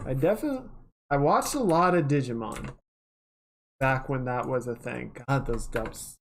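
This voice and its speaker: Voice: mid-range voice, normal speed. A livestreamer in casual chat while working, rambling and chatty, swearing offhandedly now and then.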